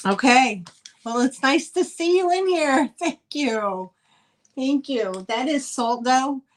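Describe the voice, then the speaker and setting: Chatty New York woman hosting a live sale, slow and easygoing in delivery. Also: high-pitched, animated. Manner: chatty, greets chat viewers by name. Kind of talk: live-stream selling chat.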